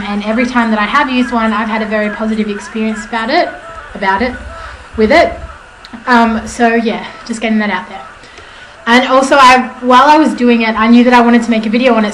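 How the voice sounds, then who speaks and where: A young woman talks straight to her camera at home, her voice sitting a little high. She rambles along, full of fillers and corrections. The room rings around her, with a faint hiss underneath. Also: fairly bright tone. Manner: chatty and rambling, many fillers and self-corrections. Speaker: vlogger. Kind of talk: casual storytelling to camera. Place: at home indoors. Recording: echoey room with faint background noise.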